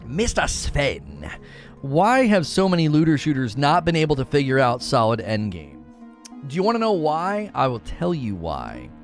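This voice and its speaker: A man in his thirties chatting casually on a live stream, answering chat with frequent laughter and playful asides. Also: a little high. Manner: animated, laughs often, slips into playful character voices.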